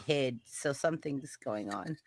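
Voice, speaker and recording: A woman's voice: very deep voice, measured pace, a crowd in the background. A woman co-hosting a casual chat, teasing and joking with the others. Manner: playful, teasing, chatty. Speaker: co-host.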